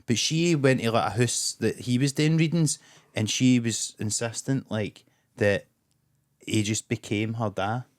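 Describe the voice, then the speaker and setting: A man's voice: mid-range voice, unhurried. A Scottish man co-hosting a podcast, chatting casually in a blunt, sweary, ranting way. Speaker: podcast co-host.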